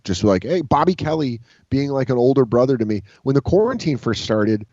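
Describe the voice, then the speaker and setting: A man's voice: medium pitch, a little fast, few pauses, dry recording. A man, a comedian guest, telling rambling stories in casual interview talk, cursing freely and acting out other people's lines. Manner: rambling, profane, animated quoting of others. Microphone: video call. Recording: dull lo-fi video call audio.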